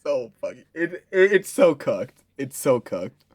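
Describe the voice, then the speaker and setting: Young guy giggling thru a movie review, kinda high voice, dry close mic. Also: very animated, darkish tone, no room sound. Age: young adult. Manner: laughs often, halting restarts. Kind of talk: casual chat.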